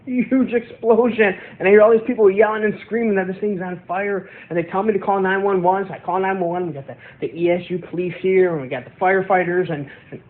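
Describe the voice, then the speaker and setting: A man's voice: high-pitched, steady tone, fast talker, few pauses, lightly acted. A man playing a laid-back young skateboarder eyewitness who stumbles over his words. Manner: loose, stumbling, casual. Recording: tinny phone-like line.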